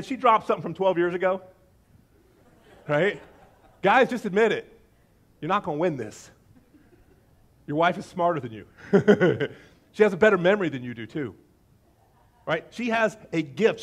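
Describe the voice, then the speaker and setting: A man's voice: sits high, fairly bright tone. A male pastor preaching a sermon, joking with the congregation and reading scripture aloud with acted voices.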